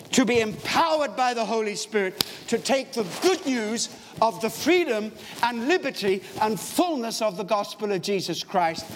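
A man preaching a sermon in a church, emphatic and storytelling, with wide swings in his voice. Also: very high voice. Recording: long hall reverb, faint background noise.

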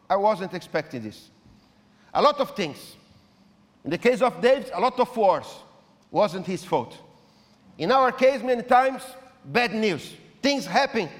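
A man preaches as a pastor in a fairly high voice, his full of restarts. He swings between loud, pressing lines and hushed ones. The sound carries a long reverb, as in a large hall. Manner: non-native English with repeated restarts, swinging between loud and soft. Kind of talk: sermon.

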